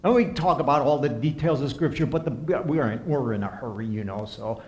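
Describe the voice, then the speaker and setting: A man preaching a sermon and counseling as he talks, impassioned, swinging from soft to emphatic. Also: mid-range voice, brisk. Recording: echoey room.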